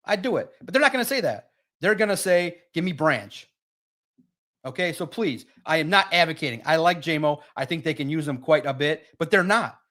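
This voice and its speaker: A man's voice: fairly high pitch, lively intonation, brisk, bright, forceful tone. A man hosting a live sports stream, talking casually and with energy straight to his chat viewers. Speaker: sports livestream host.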